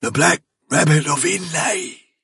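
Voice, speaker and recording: A man's voice: medium pitch, expressive, measured pace, gravelly, sharp tone, husky, no echo, clean studio sound, far from the mic, voice pushed up, full character voice. A man voicing a large, tough male rabbit who speaks in a tense, strained way. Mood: fearful dread. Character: big bold buck rabbit gripped by dread.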